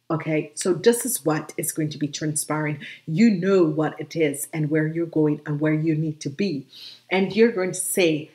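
A woman's voice: low voice, moderate pace, dark tone. A woman giving a tarot reading to her viewers, emphatic and encouraging, with frequent "um" fillers. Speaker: tarot reader. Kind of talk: solo video reading addressed to viewers.

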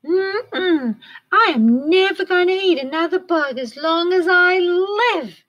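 A woman's voice: sits high, slow, muffled recording, voice pushed up, full character voice. Woman voicing a cheerful young bat girl. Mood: delighted. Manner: bright, excited and cheerful. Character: sweet young female fruit bat, eager and kind.

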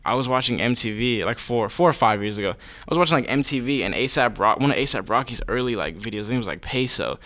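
A man's voice: mid-range voice, lively intonation, fast talker, a bit bright. A young man from Southern California, a rapper guest chatting casually in an interview, laid-back and full of "like" fillers.

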